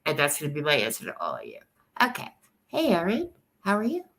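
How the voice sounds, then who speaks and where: A woman's voice: sits low, huge pitch swings, a little fast, a bit bright. Tearful woman rambling on a livestream. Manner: tearful, rambling, laughing through tears. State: crying. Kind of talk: casual livestream chat.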